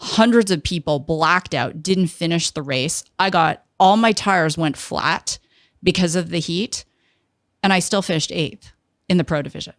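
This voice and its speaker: A middle-aged woman telling an animated personal story in an interview, acting out the people she quotes. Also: on the low side, a little slow, no room sound, clean studio sound. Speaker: guest, entrepreneur.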